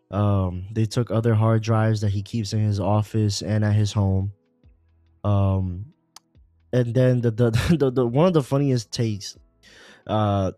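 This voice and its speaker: With a fairly low pitch and a dry recording, a man co-hosting a podcast talks politics in a casual, animated way, peppered with profanity and lots of fillers.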